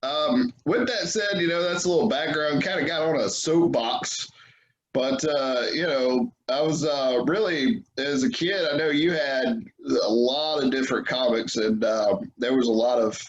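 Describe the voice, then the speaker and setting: A man hosting a podcast, talking in a loose, rambling way with lots of ums and restarts. His voice sits at an ordinary pitch. The recording is a bit dull, with a faint hiss behind it. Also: a little slow. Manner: rambling, many fillers and restarts. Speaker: podcast host. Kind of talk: casual chat.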